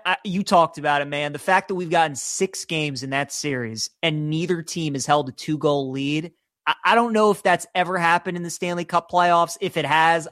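A man's voice: on the high side, a bit bright, no room sound, studio quality. A man co-hosting a sports talk show, chatting with enthusiasm and giving his picks. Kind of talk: casual sports talk and predictions.

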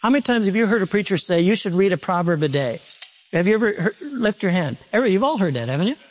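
A man preaching a sermon to a congregation in an animated, conversational way, repeating points and turning to asides. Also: high-pitched, quick pace, slight background noise. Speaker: pastor.

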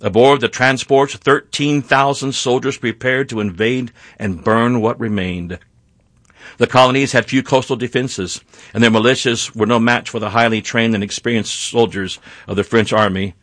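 Male history narrator, earnest and measured, mid-pitched, dry close recording. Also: steady tone, fairly bright tone, dry recording. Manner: measured, earnest storytelling with small slips.

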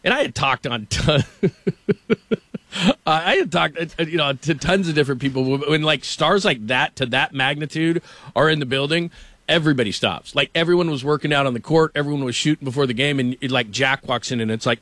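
A middle-aged man hosts a morning sports radio show from the studio, rambling through stories with fillers, restarts and easy laughter. His pitch sits in an ordinary middle range. The sound is close and dry, with no room around it. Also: brisk, a bit bright, no echo. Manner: loose and chatty, laughs often, many fillers and restarts. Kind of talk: casual morning radio chat and storytelling. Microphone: studio microphone.

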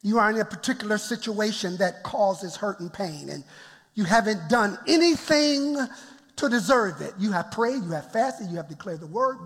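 A man's voice: sits high, expressive, moderate pace, a bit bright, husky, long reverb tail. A man preaching a sermon as pastor in a church, laughing often and calling out to the congregation.

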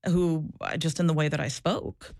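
A woman's voice: deep voice, normal speed, gravelly, a little mellow, no echo, clean studio sound. A woman who used to be a social worker, talking candidly in an interview, earnest and reflective, often restarting and repeating herself. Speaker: former social worker, guest.

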